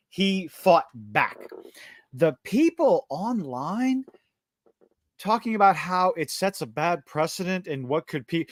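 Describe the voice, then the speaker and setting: A man with a fairly high voice rants bluntly on a casual livestream, swearing freely as he builds up steam. His sound is dry and close to the mic. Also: dry recording. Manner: blunt, profane, ranting. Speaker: podcast co-host.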